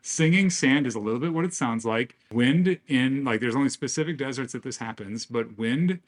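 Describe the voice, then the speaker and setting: A man's voice: medium pitch, normal speed. Upbeat joking man chatting on a podcast. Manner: jokey and upbeat, laughing often. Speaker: podcast co-host; father of young kids. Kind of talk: casual chat.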